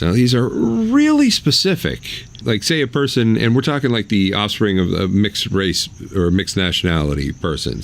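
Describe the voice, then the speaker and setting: A man hosting his own podcast, talking in a blunt, sarcastic and mocking way. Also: fairly low pitch. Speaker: podcast host. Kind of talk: opinionated solo podcast monologue.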